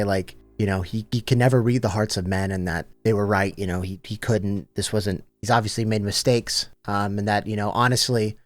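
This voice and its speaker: A man recaps a story in a relaxed, slangy way, stumbling over restarts and tossing in filler words. His voice sits fairly low. Soft music plays underneath. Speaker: lore summarizer. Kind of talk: casual lore recap.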